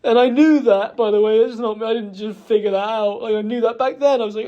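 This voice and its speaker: Young man, tearful apology, halting and self-blaming, high mellow voice. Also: steady tone. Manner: halting, self-reproachful, hesitant with many fillers. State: emotional, close to tears. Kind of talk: emotional personal apology. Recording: dull lo-fi recording.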